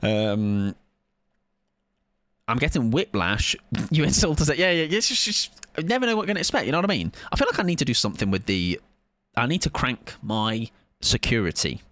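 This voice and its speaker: A man's voice: mid-range voice, very animated, fairly quick, a bit bright, no room sound. A man streaming a game and bantering with his chat, rambling and teasing himself with frequent laughter. His voice leaps up and down expressively, and the sound is close and dry with no room around it. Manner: playful, rambling, self-mocking, laughs often. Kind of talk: casual live-stream chat with viewers.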